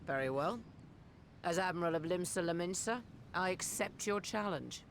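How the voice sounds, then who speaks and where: An actress playing a composed, commanding female pirate admiral in a game cutscene, speaking in a measured, formal way. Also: fairly low pitch, slight background noise, natural voice.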